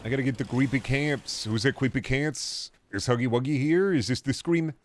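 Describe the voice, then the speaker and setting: At a normal pace and mid-range pitch, a young man gives casual commentary while streaming a game. He talks to viewers as he plays, rambling on and swearing casually.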